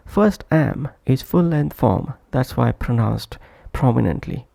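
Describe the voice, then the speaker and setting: A man narrating an English pronunciation lesson, speaking deliberately and repeating example words to show where the stress falls. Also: mid-range voice, lively intonation, creaky, mellow, no echo. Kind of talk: slow scripted lesson narration.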